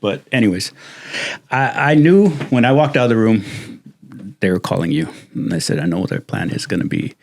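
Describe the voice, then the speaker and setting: Gravelly low-voiced podcast host. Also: male voice, expressive, fairly quick, a little mellow. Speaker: podcast host, former colleague. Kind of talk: casual chat.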